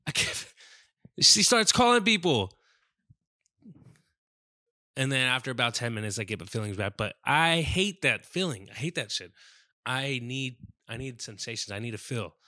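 A man's voice: medium pitch, expressive, a little fast, sharp tone, no echo, studio quality. A man hosting his own podcast, telling stories in a casual, comedic way, swearing and acting out sound effects. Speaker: podcast host.

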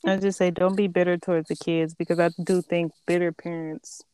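A woman's voice: fairly low pitch, level tone, brisk, dark tone, smooth, dry recording. A woman and mother speaking in a casual chat, blunt and emphatic, swearing freely. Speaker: podcast co-host and mother.

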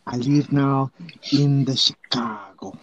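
A man's voice: medium pitch, slow, dry recording, highs cut off. A New man voicing a self-styled East Jersey man who speaks in broken English and keeps insisting on where he is from. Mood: exasperated. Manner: mangled English, insistent, deadpan turning exasperated.

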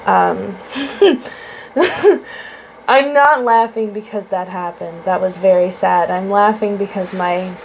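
A woman's voice: medium pitch, takes it slowly, gravelly, long pauses, a little hiss or hum, low-quality recording. A woman co-hosting a podcast in casual chat, telling stories with frequent laughter and swearing. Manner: laughing, profane storytelling. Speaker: podcast co-host.

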